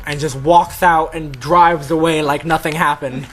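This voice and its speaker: A man's voice: on the high side, normal speed, few pauses, a crowd in the background, rough recording. A man casually telling a story to friends, rambling with lots of "like" and restarts.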